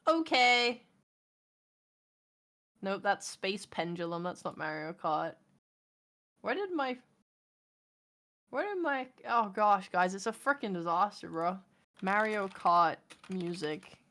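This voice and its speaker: A woman talking to her stream chat from home, her pitch swinging widely as she speaks. She is expressive and ranting, with plenty of casual swearing. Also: measured pace.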